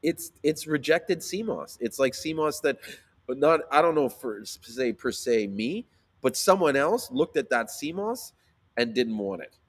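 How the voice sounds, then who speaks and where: A man telling a story in casual chat, animated, swearing freely and using lots of fillers. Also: mid-range voice, unhurried, breathy edge. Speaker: sea moss seller.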